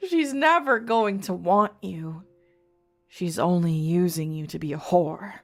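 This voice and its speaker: A woman voicing a scheming shapeshifting villainess with a low, coaxing manner in a story she reads aloud. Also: measured pace, faint music behind.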